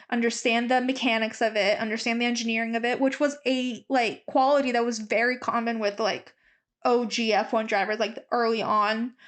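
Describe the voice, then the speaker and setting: A woman's voice: fairly high pitch, a bit bright. A woman hosting a podcast in casual chat, gushing and full of "like" fillers. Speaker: podcast host.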